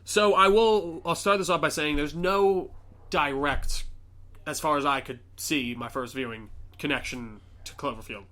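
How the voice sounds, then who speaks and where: Excited man recapping a movie, bright. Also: on the high side, unhurried. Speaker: podcast host. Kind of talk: casual chat.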